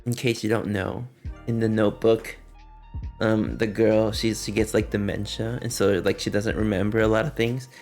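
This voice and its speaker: A man's voice: lowish voice, flat delivery, moderate pace, darkish tone, soft background music. A man livestreaming, chatting casually with his viewers and laughing often as he reacts to chat.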